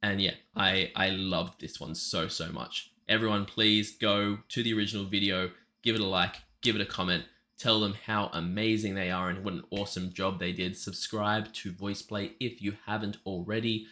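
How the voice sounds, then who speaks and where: A man's voice: fairly low pitch, fairly even intonation, moderate pace, hardly any pauses, pushed and bright. A man hosting a music reaction video, talking casually and gushing with enthusiasm. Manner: gushing, enthusiastic, chatty with fillers.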